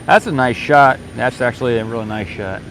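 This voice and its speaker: A man's voice: mid-range voice, fairly quick, fairly bright tone. Man live streaming outdoors by traffic. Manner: reads viewer comments aloud and answers them. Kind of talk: casual live-stream chat. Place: outdoors by a road at a launch site gate. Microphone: handheld mic.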